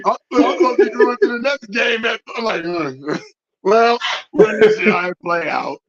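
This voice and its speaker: A man's voice: high voice, moderate pace, highs cut off, over a noisy crowd. A man co-hosting a casual, profane podcast over a video call, laughing and rambling with many restarts. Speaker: podcast co-host.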